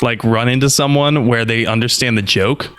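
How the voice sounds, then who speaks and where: A man co-hosting a casual podcast, relaxed and joking in easy banter. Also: mid-range voice, moderate pace, clear, resonant tone. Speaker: podcast co-host.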